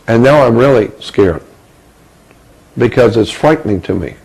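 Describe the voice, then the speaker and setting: Gravelly-voiced man telling a story. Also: mid-range voice, expressive, darkish tone, low-quality recording. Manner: halting, repeats words when searching for them. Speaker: guest telling his life story. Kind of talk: personal storytelling.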